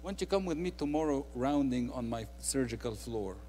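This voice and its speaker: A man with an Egyptian accent preaching a sermon, swinging between quiet, intimate asides and loud, emphatic declarations. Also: mid-range voice, expressive, a little fast, long reverb tail, slight background noise.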